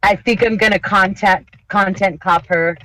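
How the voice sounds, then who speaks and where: A woman's voice: mid-range voice, steady tone, a little slow, fairly bright tone, dry recording, poor audio. A woman co-hosting a live-streamed chat show, talking emphatically and bluntly, swearing freely and laughing often. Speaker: podcast co-host.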